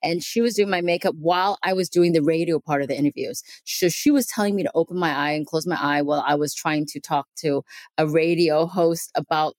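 Woman guest on a remote call, lowish pitch, dry mic, easy laughing chat. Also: brisk, dry recording. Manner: warm, chatty, laughs easily. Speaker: dermatologist guest. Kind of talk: casual podcast chat.

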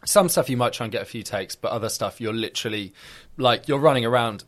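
Animated young man telling stories. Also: medium pitch, fast talker. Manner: animated storyteller acting out quoted voices, filler-heavy. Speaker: guest, football video presenter. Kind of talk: casual interview chat.

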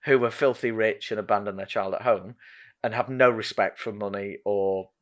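A man's voice: on the low side, fairly even intonation, normal speed. A man hosting a podcast, chatting casually with self-deprecating asides and plenty of ums. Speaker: podcast host. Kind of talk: casual chat.

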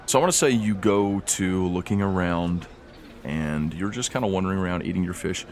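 A man's voice: low voice, fairly quick. A man narrating as game master of a tabletop game, in loose, rambling speech full of fillers.

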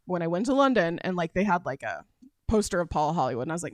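A woman's voice: lowish voice, sing-song, quick pace, no echo, clean studio sound. A woman guest on a podcast, chatting casually and agreeably, with many yeahs and ums. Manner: agreeable, frequent yeahs and ums, listing examples. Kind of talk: casual chat.

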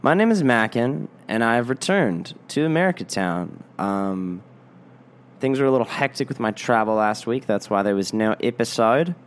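A man's voice: mid-range voice, animated, normal speed. A man hosting a podcast in a put-on Irish accent, talking in a rambling, self-mocking way full of fillers. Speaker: podcast host. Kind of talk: casual rambling podcast monologue.

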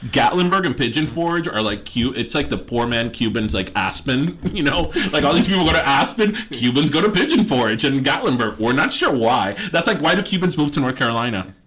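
A man's voice: mid-range voice, animated, brisk, hardly any pauses, fairly bright tone. A man co-hosting a podcast, chatting casually in a playful, laughing way. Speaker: podcast co-host. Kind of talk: casual chat.

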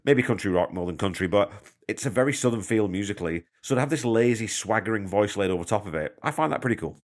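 A man's voice: on the low side, expressive, fast. A man hosting a music podcast, talking through a record in a chatty, enthusiastic way with conversational asides. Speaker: podcast host. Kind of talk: casual music commentary.

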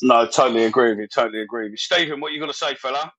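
A man hosting a live fan podcast, talking in a loose, easygoing way. His voice sits at an ordinary middle pitch, and he fills pauses with ums and uhs as he brings callers on. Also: fairly bright tone, breathy edge, lo-fi sound. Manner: easygoing, chatty, loose with fillers. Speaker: podcast host. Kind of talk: casual live fan-show chat.

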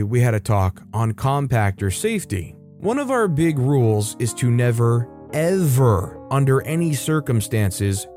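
A man with a mellow, mid-range voice narrates online workplace stories aloud, dropping wry conversational remarks between them.

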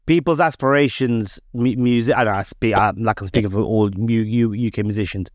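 A man co-hosting a podcast, talking in quick bursts with many restarts. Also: fairly low pitch, dry recording, studio quality. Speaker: podcast co-host. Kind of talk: casual podcast chat.

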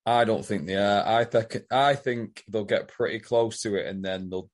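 A man on a podcast with a slightly low voice, chiming in with blunt, quick remarks. He swears casually and keeps the chat loose and easy. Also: steady tone. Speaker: podcast co-host.

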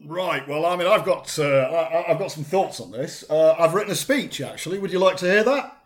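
A man's voice: on the high side, expressive, brisk. A man co-hosting a podcast, chatting casually and jokily, rambling with lots of hesitations. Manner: jokey, rambling, hesitant with many fillers. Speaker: podcast co-host. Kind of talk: casual comedic chat.

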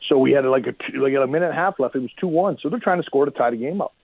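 A man who once played pro hockey, telling his old stories as a guest in a rambling, animated way, with lots of restarts. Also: medium pitch, racing, breathy edge, no echo. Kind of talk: casual storytelling interview. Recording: tinny dry phone line.

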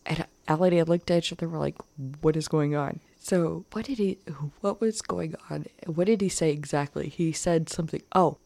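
A woman co-hosting a podcast, telling trip stories in an animated way and laughing often. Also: fairly low pitch, fairly quick, gravelly, hardly any pauses, no room sound. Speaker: podcast co-host. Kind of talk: casual chat.

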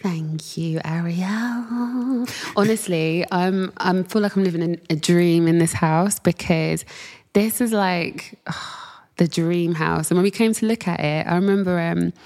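A woman's voice: lowish voice, measured pace, darkish tone. A young woman chatting casually as a guest, bubbly and full of "like". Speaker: guest singer. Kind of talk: casual chat and home tour.

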